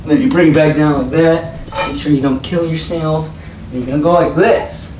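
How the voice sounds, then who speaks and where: A man's voice: a little high, steady tone, moderate pace, close to an everyday voice. A man playing a clumsy, lazy male workout director who rambles and stops mid-instruction, in a roomy, distant, noisy home recording. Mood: goofy. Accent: put-on Australian.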